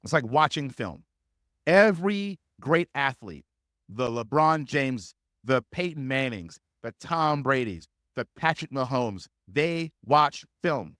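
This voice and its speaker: A man's voice: mid-range voice, animated, slow, a bit bright, clear, resonant tone, dry recording, clean studio sound. A man teaching sales as a coach in a live webinar, speaking emphatically and repeating key phrases to drive points home.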